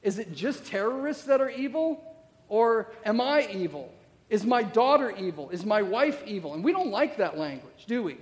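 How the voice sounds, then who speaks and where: A middle-aged man with a high voice preaches in a church, his words trailing off in a long hall reverb. His talk is loose and conversational, stacked with rhetorical questions and quick "okay?" check-ins. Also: big pitch swings. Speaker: pastor. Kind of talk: sermon.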